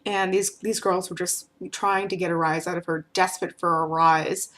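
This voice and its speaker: A woman's voice: fairly low pitch, steady tone, moderate pace, fairly bright tone. A woman vlogger telling a personal story in a casual, rambling way, with many fillers and restarts.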